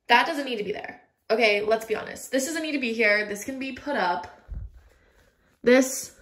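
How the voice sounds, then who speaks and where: Young woman vlogging while she cleans, bit high voice, chatty, echoey bathroom sound. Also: fairly bright tone, slight background noise. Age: young adult. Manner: chatty, talks to viewers while tidying. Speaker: lifestyle vlogger. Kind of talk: casual cleaning vlog chat. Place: home, bathroom and closet. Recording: echoey room.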